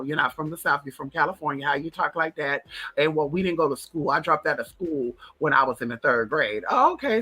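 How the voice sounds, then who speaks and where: A man's voice: fairly high pitch, pushed and bright, slightly rough. A man telling stories in a casual, profane, sassy monologue, talking straight to his viewers, his voice a little strained. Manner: profane, sassy, addresses listeners as girl. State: voice strained, coming back. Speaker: spiritual vlogger.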